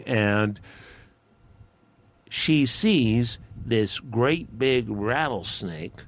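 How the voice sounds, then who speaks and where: Slow, folksy male storyteller. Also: medium pitch. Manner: relaxed, folksy, unhurried. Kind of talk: folk tale narration.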